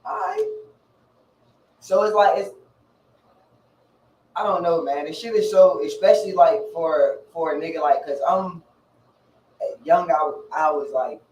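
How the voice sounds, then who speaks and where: A man co-hosting a podcast, talking in a reflective, halting way with some profanity in casual chat. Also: a little high, animated, darkish tone, reverberant, recorded from a distance, rough recording. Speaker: podcast co-host.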